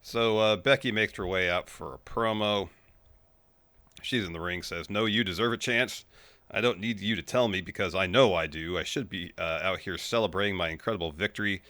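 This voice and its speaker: A man with a low but bright, forceful voice recaps wrestling matches on a casual podcast. He moves through the action in steady play-by-play, recorded dry and close. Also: moderate pace, no echo. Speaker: podcast co-host.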